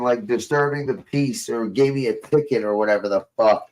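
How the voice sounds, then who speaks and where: A man's voice: mid-range voice, fairly even intonation, normal speed, few pauses, a little mellow, poor audio. A young man telling rambling, profane stories in casual chat with a friend. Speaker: host.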